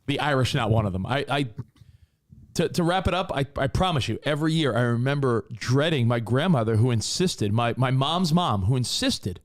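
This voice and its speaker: A Los Angeles podcast co-host, a man with a medium-pitched voice and moderate pace, spins rambling stories during casual conversation. His storytelling is animated and wandering.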